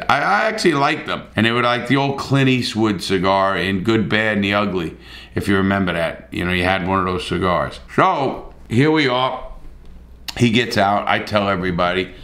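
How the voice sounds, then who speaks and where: Blunt, profane storyteller man, lowish voice. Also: lively intonation, moderate pace, fairly bright tone, reverberant. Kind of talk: casual storytelling.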